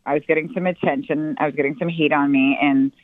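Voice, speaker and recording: A woman's voice: deep voice, fairly even intonation, no echo. A woman comedian telling self-deprecating stories as an interview guest. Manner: self-deprecating, playful, with quick asides. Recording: tinny phone line.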